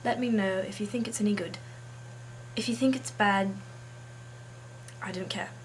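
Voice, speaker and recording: In a casual monologue, a woman vlogger puts on an English accent, sounding snarky and hesitant with plenty of ums and uhs. Her voice is mid-range at normal speed, with a noisy background.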